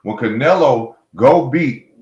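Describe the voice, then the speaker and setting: A man's voice: mid-range voice, lively intonation, takes it slowly, a little mellow. A man. He is blunt and mocking and hammers each point twice. The room sounds echoey and the audio a little muffled. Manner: blunt, mocking, repetitive, speaks straight to fighters. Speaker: boxing commentary host. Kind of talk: heated solo boxing rant.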